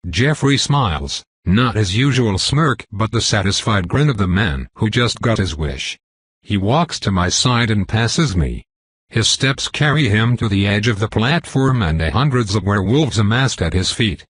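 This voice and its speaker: Male narrator, scripted narration, measured, low voice, husky, dry close sound. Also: lively intonation, a bit bright, no echo. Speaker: audiobook narrator.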